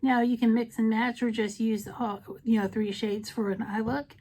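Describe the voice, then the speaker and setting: A woman's voice: on the high side, level tone, normal speed, mellow. Chatty, playful middle-aged woman vlogger. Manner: chatty and playful, breaks into silly sing-song bits. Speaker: beauty vlogger. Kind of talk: casual makeup vlog.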